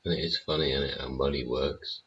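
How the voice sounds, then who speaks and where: A man's voice: extremely low pitch, fairly even intonation, a little fast, fairly bright tone, a little hiss or hum. A man hosting his show in a casual, rambling rant, swearing freely and tossing in tag questions. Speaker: show host. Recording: dull lo-fi recording.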